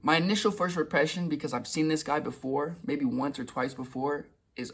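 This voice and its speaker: A man's voice: fairly high pitch, normal speed, hardly any pauses, a bit bright, slightly rough. A young man telling a casual, rambling story in a vlog, restarting and repeating words and swearing now and then. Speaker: vlogger.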